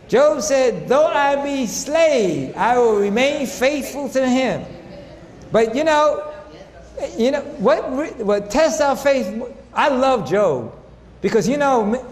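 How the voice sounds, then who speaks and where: A man with a high, gravelly voice preaches health and faith to a live audience, throwing questions at them and acting out both sides of arguments. His voice carries a long hall reverb over faint room ambience. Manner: animated, asks audience questions, acts out dialogue. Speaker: health lecturer. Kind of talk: faith-based health talk.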